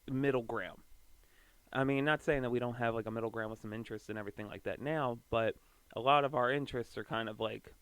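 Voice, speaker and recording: A young man rambles through a casual podcast monologue, swearing freely and restarting his sentences. His voice is smooth and clear, at an average pitch. It is recorded close up with a dry sound. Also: dry recording. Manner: loose and profane, full of fillers and restarts. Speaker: podcast host.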